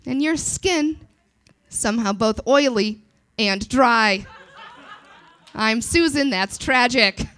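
A woman's voice: on the high side, takes it slowly, long pauses, fairly bright tone. A woman voicing a chipper female radio traffic announcer who reads grim news in a cheery, upbeat way.

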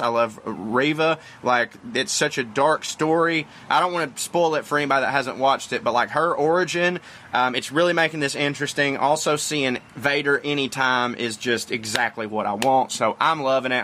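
A man's voice: fairly high pitch, pushed and bright. A man, chatting casually and profanely as he answers fan questions on his porch. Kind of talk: casual Q&A monologue. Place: outdoors on a porch.

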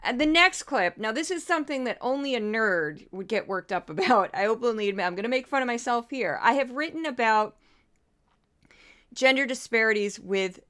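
Impassioned woman podcast host, smooth voice. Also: on the high side, expressive, normal speed, fairly bright tone. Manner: impassioned, indignant, getting worked up. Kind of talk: opinionated podcast commentary.

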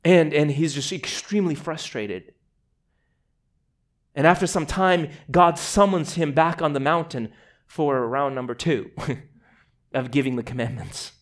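A man's voice: a little high, measured pace, pauses often. A man from Moldova preaching a sermon in a conversational way, with casual asides and repeated words.

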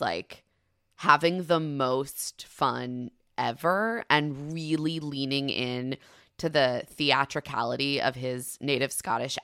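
A woman co-hosting a podcast, talking in a relaxed, conversational way and steering the discussion along. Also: a bass voice, clean tone, dry recording, studio quality. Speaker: podcast co-host. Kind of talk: casual chat about a TV show.

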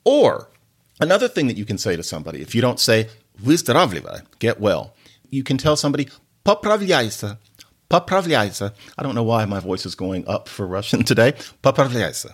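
A man's voice: lowish voice, sing-song, a little fast, husky. A man hosting a podcast, who explains word origins in a chatty, playful way with many digressions. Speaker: podcast host, linguist. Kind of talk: casual explanatory podcast talk.

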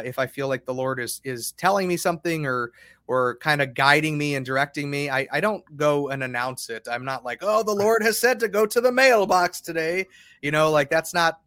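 A man's voice: medium pitch, normal speed, fairly bright tone, no room sound, clean studio sound. A middle-aged man hosting a casual faith podcast, rambling and repeating words as he thinks aloud. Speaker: podcast host.

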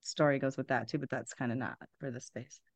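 A woman's voice: very deep voice, fairly even intonation, a little fast, dry recording. A woman in her forties, a podcast guest, telling a candid personal story bluntly, with wry humor and frequent swearing.

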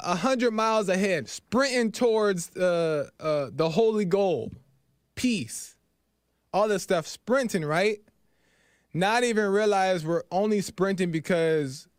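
With a smooth, high-pitched voice and clean studio sound free of room echo, a male podcast host earnestly retells a parable and reflects on it. He often ends lines with "right?" and repeats himself.

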